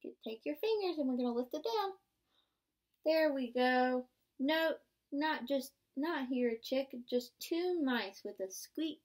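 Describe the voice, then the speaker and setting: A woman's voice: high voice, animated, unhurried. A young woman, a student teacher, reading a picture book aloud to small children, asking them to join in, count and make animal sounds, with playful gasps of surprise. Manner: interactive and encouraging, asks children to join in.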